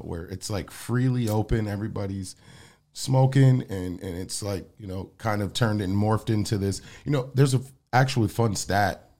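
A man's voice: on the low side, creaky, darkish tone. A man co-hosting a podcast, asking laid-back questions full of fillers. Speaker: podcast co-host. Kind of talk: casual chat.

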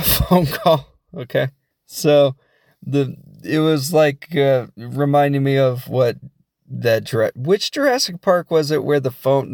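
A man's voice: mid-range voice, dry recording, studio quality. A man casually recapping a film he watched, rambling and jokey with lots of asides. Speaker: film reviewer.

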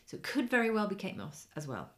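A middle-aged woman co-hosting a podcast, telling an animated anecdote in casual chat. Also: medium pitch, fast. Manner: animated anecdote-telling, acts out quoted voices. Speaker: podcast co-host.

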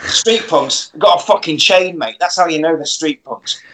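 High-voiced man recapping a film. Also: moderate pace, rough recording. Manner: animated storytelling, swears often. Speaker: podcast co-host. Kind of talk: comic plot recap.

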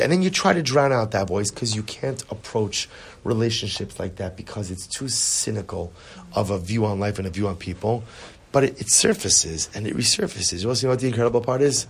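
Animated man teaching a Chassidic text class. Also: lowish voice, moderate pace, gravelly, breathy edge. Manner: animated, repeats words, asks the listeners rhetorical questions.

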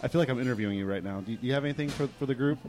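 Fast-talking, teasing podcast host. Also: male voice, medium pitch, a little mellow, a little hiss or hum. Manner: talkative, teasing, steers the talk. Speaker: podcast host running the board. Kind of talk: casual chat over beer.

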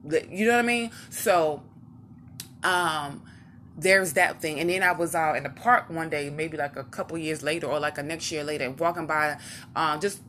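Rambling, low-voiced woman telling stories. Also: normal speed, slight background noise. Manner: rambling, conversational, loses her track and restarts; animated, acts out what others said. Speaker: vlogger. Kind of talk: casual personal storytelling to camera.

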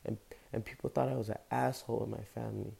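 A man's voice: mid-range voice, steady tone, fast, vocal fry, warm tone, husky. A young man giving an impassioned, rambling motivational monologue as a show host, talking casually with slang. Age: young adult. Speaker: podcast host.

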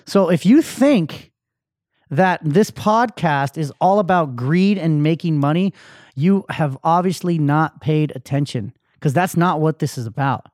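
A man's voice: fairly high pitch, measured pace, a little mellow, dry recording, studio quality. A man hosting his podcast, telling a raw personal story in a candid, emotional way, with plenty of fillers, restarts and swearing. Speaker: podcast host.

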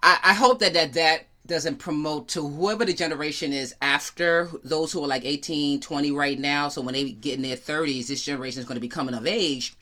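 A middle-aged New Yorker, talking loosely and profanely in casual chat. The voice is bright and forceful at an ordinary pitch, and the speaker laughs often. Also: fairly quick, hardly any pauses. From New York.

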